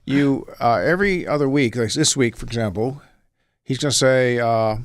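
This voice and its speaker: A man's voice: medium pitch, normal speed, no room sound. A man, an actor, talking casually as a guest, rambling and acting out little examples as he explains. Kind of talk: casual talk-show chat.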